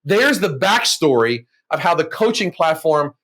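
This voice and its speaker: Animated high-voiced man telling a story. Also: unhurried. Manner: animated, acts out quoted voices with laughs. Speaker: guest, mortgage broker and coach. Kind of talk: storytelling interview.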